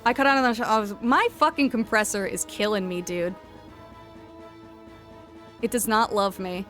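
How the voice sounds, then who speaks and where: A woman's voice: mid-range voice, fairly bright tone, soft background music. A woman streamer making casual, chatty asides while she plays a game. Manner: chatty asides, quick laughs.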